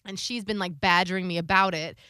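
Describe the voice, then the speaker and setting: A woman's voice: fairly low pitch, fairly quick, clear, resonant tone, no room sound, studio quality. A woman in casual podcast chat, telling personal stories openly and acting out what people said. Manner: open, confessional storytelling with lively quoted voices.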